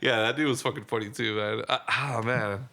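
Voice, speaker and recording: A man co-hosting a casual movie podcast, talking in a loose, rambling way and breaking into laughter. His voice is bright and forceful, and he often acts out lines from the film as he goes. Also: fairly low pitch, fairly even intonation, a little fast, gravelly. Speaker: podcast co-host. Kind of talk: casual movie review chat.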